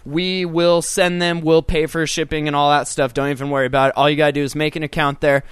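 A man's voice: fairly high pitch, flat delivery, fast talker, clean tone, no echo, studio quality. A man co-hosting a casual podcast, joking and rambling with crude humor. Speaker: podcast co-host. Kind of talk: casual chat.

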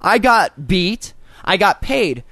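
A man's voice: high-pitched, big pitch swings, slow pace, pushed and bright, no room sound. A man co-hosting a casual podcast, ranting with heavy swearing and jokes. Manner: profane, joking rant. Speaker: podcast co-host.

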